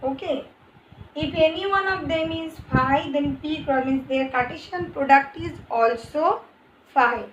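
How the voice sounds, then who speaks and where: Indian woman, math teacher; high voice, unhurried, echoey room with faint hiss. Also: highs cut off. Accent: Indian English. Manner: slow, repeats and rephrases points. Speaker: maths teacher. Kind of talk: explaining math on a board.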